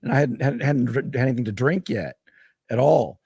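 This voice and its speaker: A man rambles through a story with plenty of swearing, his pitch sitting in an ordinary middle range. The sound is close and dry, with no room echo. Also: expressive, brisk, creaky, dark tone, slightly rough. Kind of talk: casual storytelling.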